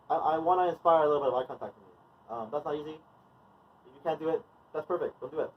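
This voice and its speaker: A man's voice: a little high, quick pace. A man leading a movement and wellness class in a loose, conversational way, full of fillers and restarts. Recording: distant mic, dull sound, faint noise.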